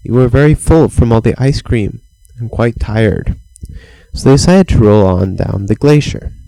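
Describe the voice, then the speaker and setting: A man's voice: mid-range voice, lively intonation, normal speed, gravelly, dark tone, no room sound, low-quality recording. A man improvising a playful, meandering bedtime story for a child, with chants and sound effects.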